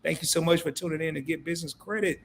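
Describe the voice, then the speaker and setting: Guy with a pretty high voice running a live stream, joking around, reading chat. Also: steady tone, very fast. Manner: playful, joking banter with viewers.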